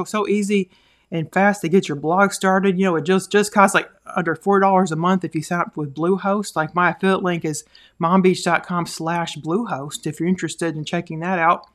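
A woman hosting a podcast in a casual monologue, earnest and encouraging, rambling with many fillers and restarts. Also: lowish voice. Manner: rambling, full of "like" and "you know". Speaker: podcast host.

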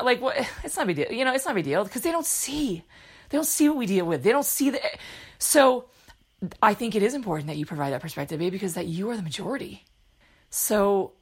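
A woman's voice: on the low side, breathy edge. Young woman, podcast host, casual chat, teasing, laughs a lot, phone recording. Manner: chatty, laughs often, teasing. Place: at home, recorded on a phone voice memo.

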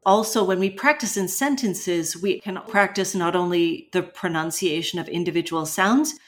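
A woman co-hosting an English-learning podcast, explaining pronunciation and vocabulary clearly and patiently. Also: lowish voice. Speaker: English teacher co-host. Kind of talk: educational podcast chat.

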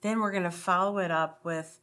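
A woman's voice: fairly low pitch, steady tone, fairly quick, fairly bright tone. A woman co-hosting a faith podcast, earnest and enthusiastic in casual chat. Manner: earnest, enthusiastic, talks about family. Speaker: podcast co-host.

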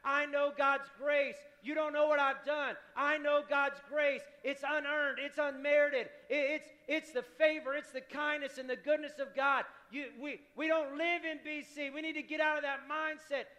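A middle-aged man preaching a sermon, telling a story with feeling and repeating words in quick bursts. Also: extremely high pitch, level tone, sharp tone, muffled recording. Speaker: pastor. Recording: music playing behind.

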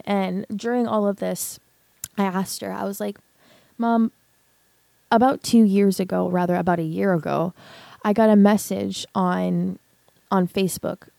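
A woman's voice: on the low side, vocal fry, warm tone, no room sound. A young woman hosting a podcast, telling a raw personal story candidly, with lots of swearing and fillers. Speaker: podcast host. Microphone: podcast mic.

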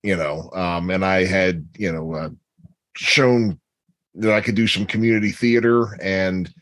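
Male host, low voice, dry close sound, hesitant with fillers. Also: steady tone, a little slow, fairly bright tone, dry recording. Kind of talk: casual chat.

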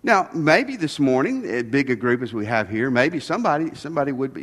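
A man's voice: mid-range voice, sing-song, brisk, fairly bright tone, big-room sound. A man preaching a sermon as pastor, with folksy, joking asides.

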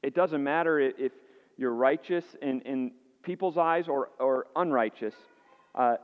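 A man's voice: mid-range voice, moderate pace. A male pastor preaching a sermon to his congregation. He asks the listeners earnest rhetorical questions and repeats words as he restarts phrases. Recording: dull, echoey hall sound.

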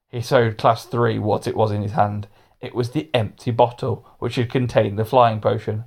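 A man narrating a children's storybook aloud in an expressive way. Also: lowish voice, normal speed. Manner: expressive, animated.

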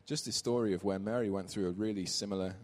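Man in his thirties, low-pitched, conversational preacher, reverberant church hall. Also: steady tone, fast talker. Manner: warm conversational, reads scripture aloud. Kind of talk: sermon with personal story.

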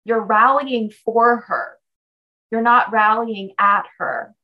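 Young woman coach, direct and emphatic, bit higher voice, pushes you to speak up. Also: steady tone, slow pace, muffled recording. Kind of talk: coaching conversation.

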